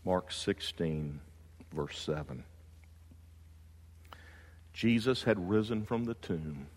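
A man preaching a sermon in a church, telling a story with lively excitement that drops to slow, hushed earnestness. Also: deep voice, long reverb tail. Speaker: pastor.

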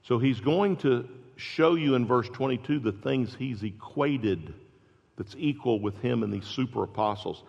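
A pastor preaching a sermon, building to loud, emphatic exclamations. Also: male voice, mid-range voice, unhurried, vocal fry, breathy edge. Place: church sanctuary. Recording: dull sound with long hall reverb.

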